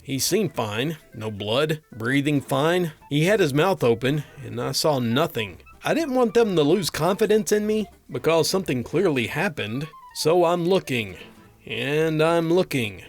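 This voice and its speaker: A man's voice: a little high, big pitch swings, moderate pace, few pauses, faint music behind. A man narrating a string of funny doctor and patient stories, with a dry comic delivery. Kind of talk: reading funny anecdotes aloud.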